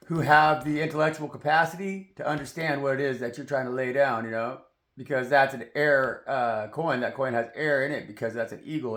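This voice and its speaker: A man's voice: medium pitch, fairly bright tone. A man giving a rambling, profane spiritual monologue as a tarot reader, preachy in tone. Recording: roomy echoey sound.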